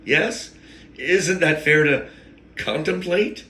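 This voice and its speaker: A man's voice: a little high, expressive, slow pace, sharp tone. A man hosting a rambling, emotional spiritual monologue, often wandering off topic and catching himself. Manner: digressive, emotional, self-interrupting. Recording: echoey room.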